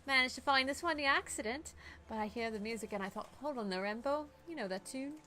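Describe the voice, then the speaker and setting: A woman's voice: high voice, quick pace, bright, forceful tone, pitched above the performer's own voice. A woman voicing a tough, brash female mercenary with a shotgun, putting on a swaggering, blunt accent. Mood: breezy.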